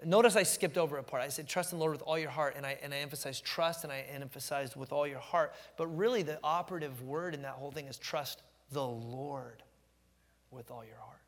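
A middle-aged man preaching a sermon as pastor, telling stories with animated energy and slowing down to stress key phrases. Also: on the high side, big-room sound. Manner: animated storytelling, emphatic, slows down to stress phrases.

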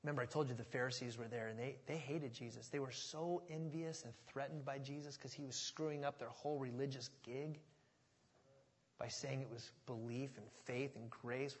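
A man preaching a sermon with animated energy, swinging between loud excitement and hushed asides. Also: medium pitch, normal speed, husky. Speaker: pastor. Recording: long reverb of a large hall.

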